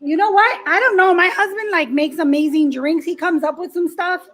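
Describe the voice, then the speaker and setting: A talkative woman with a high voice tells a casual story in a group chat. She swears freely as she talks. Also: moderate pace, fairly bright tone. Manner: chatty, swearing, laughing storyteller.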